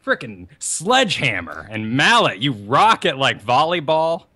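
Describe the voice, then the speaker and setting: A young man with a bright, forward voice co-hosts a gaming podcast. His pitch swings widely as he tells rambling stories with a lot of energy. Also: unhurried. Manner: animated, rambling storyteller. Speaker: podcast co-host. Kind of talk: casual podcast chat.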